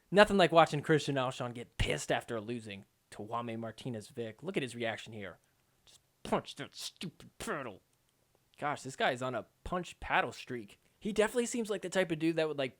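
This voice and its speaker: A man with a slightly raised voice hosts a sports podcast and recaps matches play by play. He talks in a casual, excitable way and keeps throwing in jokes. It sounds like an easygoing solo recap. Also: on the high side. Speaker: podcast host.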